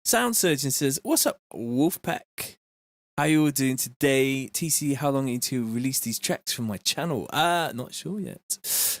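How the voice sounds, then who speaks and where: A man chatting casually on a live stream, reading out viewer messages in a relaxed, slangy way from his home studio. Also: mid-range voice, moderate pace, hardly any pauses, no room sound. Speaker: music producer streaming live.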